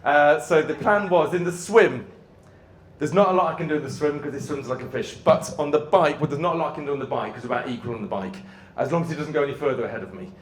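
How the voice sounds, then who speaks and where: A man giving a motivational keynote talk, telling his story dramatically with bursts of shouting in a large venue. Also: on the high side, fast, recorded from a distance, a little hiss or hum. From Great Britain. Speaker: motivational speaker. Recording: echoey venue hall.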